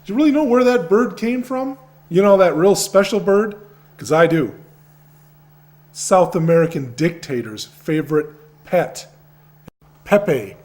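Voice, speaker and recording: A man's voice: high voice, animated, unhurried, long pauses, a little mellow. An actor playing a scheming small-town man blackmailing his cousin in a comic radio soap, sly and drawling.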